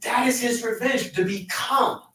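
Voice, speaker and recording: A man's voice: extremely high pitch, a little slow, bright, forceful tone, distant mic. A man hosting a podcast and coaching other men in an emphatic conversational way, often repeating his key phrases. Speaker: podcast host, men's coach. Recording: very echoey room, voice away from mic.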